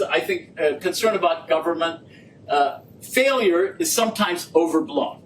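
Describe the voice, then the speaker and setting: A man giving a public lecture, telling anecdotes with acted-out dialogue in an animated way. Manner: animated storytelling, acts out quoted exchanges. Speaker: guest lecturer. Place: lecture room. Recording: distant mic with faint rumble.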